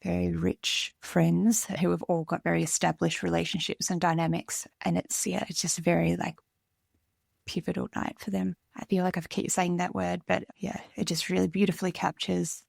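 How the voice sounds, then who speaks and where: A woman co-hosting a book podcast with a low, heavily gravelly voice. She speaks in a flat, even tone while earnestly recommending a book. The sound is dry and close. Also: dry recording. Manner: earnest, enthusiastic, with filler words. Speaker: podcast co-host.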